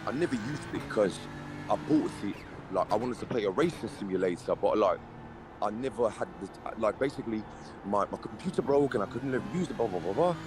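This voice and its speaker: A man chatting over an online voice call, his voice sitting fairly low and a clear hiss of noise behind him. He rambles in slangy banter, peppering every line with "mate" and "brother", and puts on a British-style accent. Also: expressive, brisk. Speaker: guest in voice chat. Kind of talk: casual banter. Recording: voice chat with clear background noise.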